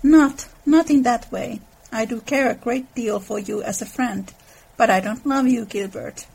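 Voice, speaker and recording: Flustered young heroine, husky, gravelly, fairly high, read by a woman. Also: a little slow, darkish tone, exaggerated voice, poor audio. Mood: distressed. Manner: read aloud from a novel.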